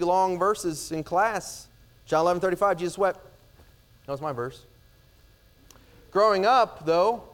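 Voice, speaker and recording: A middle-aged male pastor preaching a sermon with emphatic swings from loud declarations to hushed words. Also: fairly high pitch.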